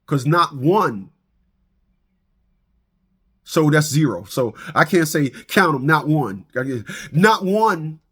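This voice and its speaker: A man with a high voice delivers a comic rant straight to his viewers. His pitch leaps up and down as he stammers, repeats himself and laughs at his own jokes. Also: animated, slow pace, long pauses, fairly bright tone, slightly rough. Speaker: vlogger.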